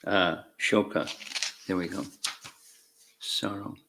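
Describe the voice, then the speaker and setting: A man reads scripture aloud and stops to give his own commentary. He talks slowly and carefully in short phrases, and his voice is bright and clear. He calls out each verse number and adds dry little remarks. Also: deep voice, fairly even intonation, a little hiss or hum. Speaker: spiritual teacher.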